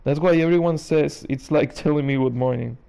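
A gaming streamer gives sarcastic, nervous let's play commentary on a horror game, swearing and laughing whenever he gets scared. His voice is fairly high and fairly quick, gravelly yet warm, with a clear, resonant tone.

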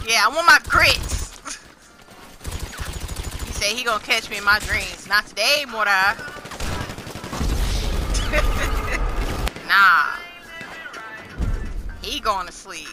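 A woman's voice: medium pitch, lively intonation, slow, pauses often. A young woman doing casual live-stream commentary, trash-talking and laughing as she plays. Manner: loud, playful trash talk with bursts of laughter. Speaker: gaming streamer. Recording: gameplay music underneath. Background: game gunfire and music.

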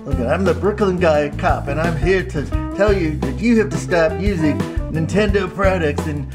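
A man's voice: on the high side, moderate pace, over loud music, natural voice. A man voicing a brash male Brooklyn cop puppet with a New York accent, blunt and demanding. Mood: stern.

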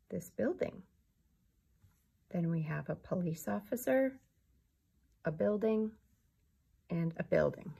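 A woman's voice: mid-range voice, creaky, husky. A woman teacher leading an early reading lesson, patient and sounding out words step by step.

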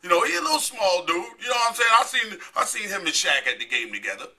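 A man's voice: sits high, sing-song, quick pace, sharp tone, breathy edge. A middle-aged man hosting a comedic promo, delivering a brash, profane rant with a repeated catchphrase. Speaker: host of comedy promo bit.

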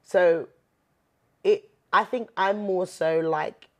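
A woman with a low-pitched voice talks openly in an interview, earnest and reflective. She leans on her faith as she speaks, and gets animated when she jokes. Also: takes it slowly. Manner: earnest, animated when joking, many fillers. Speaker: interview guest. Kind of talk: candid faith-based chat.

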